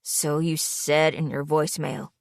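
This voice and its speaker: A woman voicing a young man who is a cold and angry fiancé, speaking curtly in a low voice in an audiobook. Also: fairly even intonation, measured pace, gravelly, no room sound, clean studio sound. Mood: cold, bitter. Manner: curt, bitter, low-voiced. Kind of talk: audiobook character voice.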